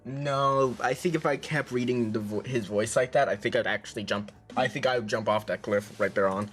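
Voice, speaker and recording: A man's voice: mid-range voice, brisk, hardly any pauses, a bit bright, soft background music. A man streaming, reading a visual novel aloud in a casual way, tripping over words and joking between lines.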